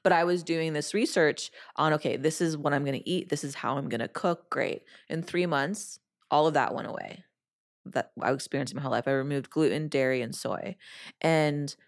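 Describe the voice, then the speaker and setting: A woman hosting a podcast, her voice sitting unusually deep for a woman. She tells her own story casually and quotes her past self with lively bursts. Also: moderate pace. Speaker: podcast host. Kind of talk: casual interview, personal storytelling.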